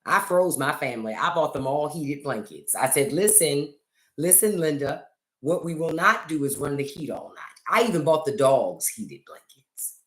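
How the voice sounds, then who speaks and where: In an echoey room, a middle-aged woman talks into a phone at a moderate pace, her low voice expressive. She's hosting a laid-back livestream chat, joking around and telling stories theatrically.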